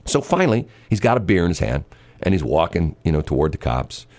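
Low gruff guy telling a story on a podcast, voice jumps around a lot, rambly. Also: very animated, fairly quick, a little mellow. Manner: rambling, many fillers and restarts. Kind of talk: casual chat, storytelling.

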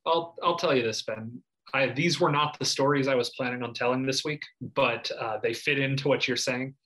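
A man's voice: mid-range voice, steady tone, moderate pace, bright, forceful tone, rough recording. A man with a mid-range voice talks as a sports reporter on a casual podcast. His delivery is thoughtful and conversational, with a bit of light humor.

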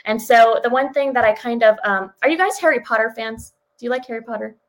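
A woman's voice: on the high side, fast talker, few pauses, rough recording. A woman telling a personal story as a guest, speaking candidly with plenty of swearing and filler words. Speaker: podcast guest. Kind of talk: casual storytelling.

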